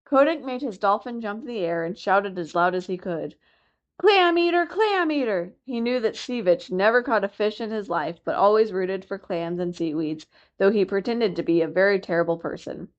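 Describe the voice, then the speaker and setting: A woman narrating a classic chapter book aloud for a library reading program, in a clear, steady storytelling manner. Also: medium pitch, fairly quick, hardly any pauses, lo-fi sound. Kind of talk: audiobook narration.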